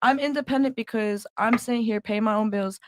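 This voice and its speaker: A woman's voice: on the high side, fairly quick, no echo, studio quality. A woman guest on a podcast, talking casually and defensively, often restarting to rephrase. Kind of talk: casual debate talk. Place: podcast studio.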